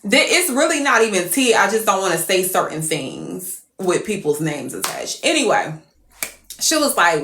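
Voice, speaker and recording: A woman telling a story to viewers on a live stream, animated and profane. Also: mid-range voice, moderate pace, echoey room.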